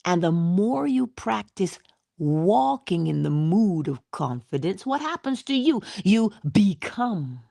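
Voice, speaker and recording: A middle-aged woman giving a motivational morning talk, speaking slowly and deliberately and answering her own rhetorical questions. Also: mid-range voice, sing-song, gravelly, warm tone, no room sound. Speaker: inspirational speaker.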